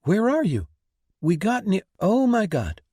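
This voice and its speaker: A man voicing a teasing young woman, pitched high. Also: huge pitch swings, unhurried, a little mellow, breathy edge, no room sound, clean studio sound, exaggerated voice. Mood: surprised.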